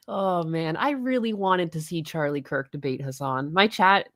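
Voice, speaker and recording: A woman's voice: on the low side, dry recording, studio quality. A woman co-hosting a live stream, bantering casually, teasing and blunt, laughing often. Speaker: streamer co-host.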